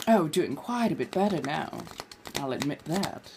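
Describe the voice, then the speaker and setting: A woman's voice: low voice, lively intonation, measured pace, background noise. Genteel woman with a theatrical vampire persona. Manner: theatrical, genteel old-fashioned phrasing. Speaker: live-stream host reading tarot. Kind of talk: in-character live-stream chat as a vampire persona.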